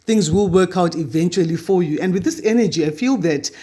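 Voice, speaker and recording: A man's voice: sits high, a little fast, mellow. A man giving a weekly tarot reading to camera, chatty and reassuring as he passes on spiritual guidance. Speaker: tarot reader.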